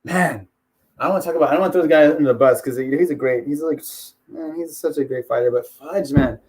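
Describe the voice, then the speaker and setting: A man's voice: fairly high pitch, fast talker, a little mellow, slightly rough. A man chatting casually on a live stream as an MMA YouTuber, rambling, swearing and laughing.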